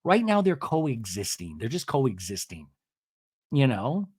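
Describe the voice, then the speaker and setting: Lively man hosting a TV recap podcast. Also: mid-range voice, a little slow, slightly rough, dry recording, clean studio sound. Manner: animated, rambling, crude jokes. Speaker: podcast host. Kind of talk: casual TV recap commentary.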